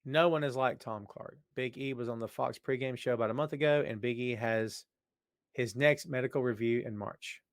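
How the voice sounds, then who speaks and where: A man hosting a podcast and answering listener questions in casual, rambling chat that jumps to loud excitement. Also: medium pitch, normal speed, dry recording, studio quality. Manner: animated, jumps to shouting when excited; rambling, frequent restarts.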